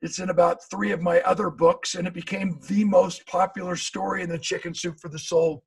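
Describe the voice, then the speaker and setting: Older american guy telling stories, husky gravelly voice, fairly high. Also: fairly quick. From USA. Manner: dramatic, animated storyteller. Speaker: motivational speaker. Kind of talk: storytelling lecture on a video call.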